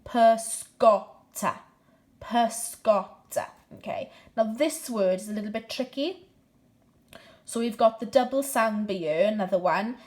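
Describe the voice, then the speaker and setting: A woman teaching a language lesson, modeling words slowly and checking in with "okay?" after each point. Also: a little high, animated, a little mellow. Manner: slow, careful modeling of words to repeat, frequent "okay?" checks. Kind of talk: slow bilingual language lesson.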